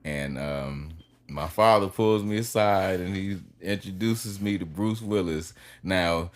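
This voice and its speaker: A man's voice: deep voice, slow pace. A man in his thirties, a podcast guest telling rambling anecdotes in a casual, profane way.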